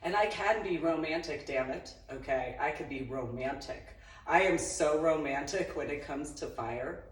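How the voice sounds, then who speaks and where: A woman's voice: deep voice, moderate pace. A middle-aged woman hosting her own channel in a rambling personal monologue, sardonic and breaking into frequent laughter. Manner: sardonic, laughs often between remarks. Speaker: YouTube channel host. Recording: roomy echo, distant mic.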